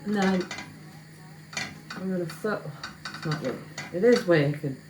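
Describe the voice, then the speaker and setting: A woman's voice: lowish voice, a little slow, noisy background. A woman, chatting casually and poking fun at herself while she cooks in her home kitchen for a vlog. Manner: chatty, self-mocking, talks to viewers while cooking. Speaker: home cooking vlogger. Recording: echoey kitchen with clattering pans.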